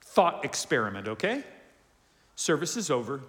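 A male pastor preaching a lively sermon, acting out quoted voices. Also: on the high side, moderate pace. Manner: animated, acts out quoted voices. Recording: reverberant hall.

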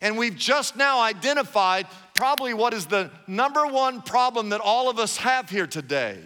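A man preaching a sermon as pastor, animated, retelling Bible stories with repeated phrases. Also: extremely high pitch, normal speed, noisy background. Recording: long echo of a large hall.

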